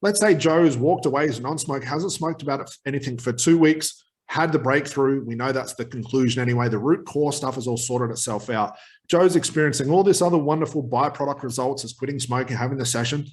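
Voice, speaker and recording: A man's voice: mid-range voice, fairly quick. A man teaching hypnotherapy in a direct talk to camera, emphatic, who acts out short exchanges with clients. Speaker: hypnotherapy trainer.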